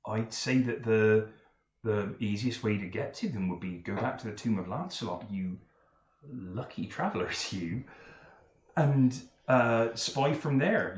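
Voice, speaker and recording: A man narrating as game master in a tabletop game, talking in a measured way with frequent fillers. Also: mid-range voice, animated, a little mellow, reverberant. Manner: measured, hesitant, with many fillers.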